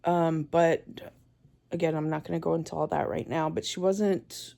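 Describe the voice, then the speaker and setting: A woman in her forties giving a tearful, halting vlog, crying as she talks. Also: deep voice, steady tone, gravelly, warm tone. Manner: tearful, halting, with many pauses and restarts. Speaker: vlogger. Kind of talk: emotional personal vlog.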